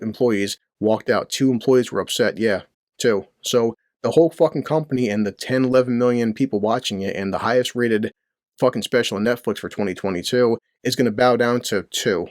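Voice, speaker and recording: A man's voice: mid-range voice, normal speed, darkish tone, dry recording. A middle-aged man rants about the news from his basement, blunt and crude, swearing freely. His voice sits in a middle range and sounds dry and close to the mic. He talks in rhetorical questions and short jabs. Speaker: commentary channel host. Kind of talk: profane ranting commentary. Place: home basement near a boiler.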